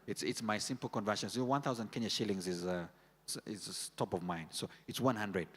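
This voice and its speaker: A man's voice: fairly low pitch, brisk, fairly bright tone, slightly rough. Chatty joking man MC-ing a conference. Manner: chatty and joking, apologises for slips. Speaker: event host. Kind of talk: conference announcements and MC patter. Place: conference hall. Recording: reverberant conference hall.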